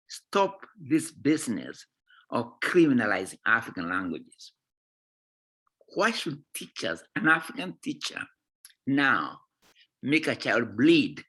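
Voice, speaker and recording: A man's voice: medium pitch, bright, forceful tone, breathy edge. A man from Kenya, a guest author speaking passionately in a conversation series, often checking in with listeners by asking "eh?" and "right?". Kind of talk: impassioned talk in a conversation series.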